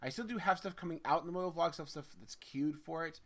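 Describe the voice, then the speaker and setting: A man's voice: on the high side, quick pace. A man hosting a gaming podcast in casual chat, upbeat and teasing, laughing readily. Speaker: podcast host.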